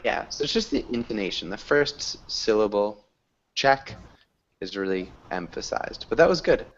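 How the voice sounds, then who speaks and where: A man's voice: on the low side, animated, brisk, slight background noise. A man teaching an online English class over a video call, encouraging students and praising their pronunciation. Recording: dull lo-fi video call audio.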